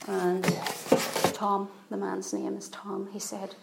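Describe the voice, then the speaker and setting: A woman's voice: medium pitch, completely flat delivery, takes it slowly, gravelly, echoey room, very noisy. A woman preaching a sermon, telling a story earnestly and repeating phrases for emphasis.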